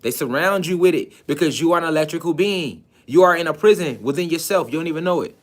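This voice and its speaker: A man with a fairly high-pitched voice delivers a spiritual lecture to an online audience. He talks insistently and keeps throwing rhetorical questions at his listeners, pressing them to see his point. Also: fast. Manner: emphatic, insistent.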